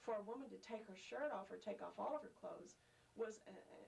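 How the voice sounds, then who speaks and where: Female interviewee, gravelly voice, reflective memories, distant mic, light hiss. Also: mid-range voice, brisk, darkish tone. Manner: reflective, laughs between thoughts. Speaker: oral history interviewee. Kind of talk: reflective recollection.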